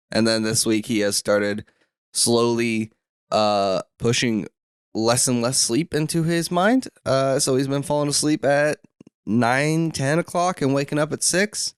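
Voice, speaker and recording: A young man hosting a solo podcast from a room at home, rambling with lots of fillers and restarts, his throat rough and catching. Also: mid-range voice, a little slow, no echo, clean studio sound. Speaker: podcast host.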